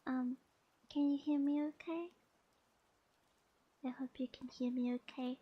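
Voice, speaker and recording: A sleepy woman streamer doing a whispered role-play, speaking softly and slowly with gentle, repeated reassurances. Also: high voice, steady tone, breathy edge, no echo. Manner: soft, slow and soothing, repeating gentle reassurances. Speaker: VTuber streamer.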